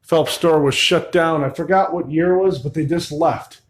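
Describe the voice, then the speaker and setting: A man investigating an old store at night, narrating to camera and calling out to spirits, swinging from loud calls to hushed asides. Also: on the high side, fairly even intonation, normal speed. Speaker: paranormal investigator. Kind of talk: solo ghost-hunting vlog narration.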